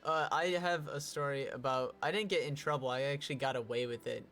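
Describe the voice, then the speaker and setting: A young man co-hosting a podcast, telling a story in a casual, animated way and swearing often. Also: mid-range voice, brisk. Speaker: podcast co-host.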